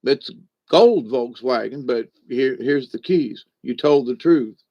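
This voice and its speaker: A man's voice: mid-range voice, slow, lo-fi sound. A man voicing Saint Peter as a stern gatekeeper at heaven's gate in a told joke. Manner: questioning, gatekeeping.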